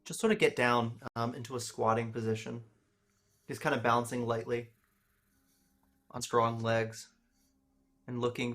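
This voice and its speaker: A man's voice: mid-range voice, level tone, measured pace, long pauses, fairly bright tone. A man narrating as game master in a tabletop game, in a matter-of-fact way.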